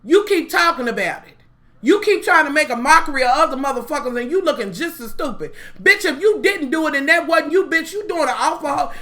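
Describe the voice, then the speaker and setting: A woman's voice: high-pitched, a bit bright. A young woman vlogger giving a blunt, foul-mouthed, exasperated rant reviewing reality TV. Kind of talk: profane ranting commentary.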